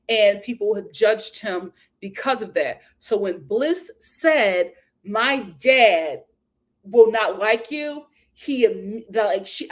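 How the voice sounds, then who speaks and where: A woman host giving a casual, gossipy recap of a reality show, animated and laughing often as she acts out what people said. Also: medium pitch.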